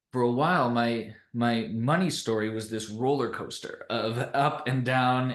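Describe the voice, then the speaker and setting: A young man from Canada shares a personal story on a podcast, relaxed and conversational. He laughs easily and tells his story with lively energy. His voice sits at an ordinary pitch, and the room adds a noticeable echo. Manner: animated, laughs often while telling stories. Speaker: podcast guest. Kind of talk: casual storytelling interview.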